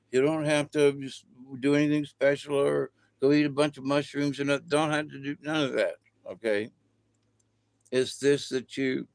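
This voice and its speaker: A man's voice: medium pitch, creaky, dry recording. Folksy middle-aged man, dry close sound. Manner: folksy, colloquial, digressive. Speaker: vlogger. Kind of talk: rambling spiritual monologue.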